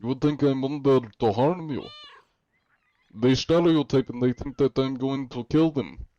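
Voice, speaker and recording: An American man doing a big sweaty Russian man, all broken-English bravado. The put-on Russian accent sits in the back of the throat, pitched above his own voice. The stream audio is dull and lo-fi. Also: normal speed, mellow, natural voice. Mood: boastful.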